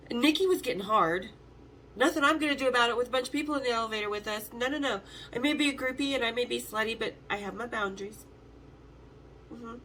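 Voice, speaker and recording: The host, a woman in her fifties, relates stories in a loose, animated way, swearing often and voicing the characters herself. She pitches on the high side and speaks a little fast, over a little hiss or hum.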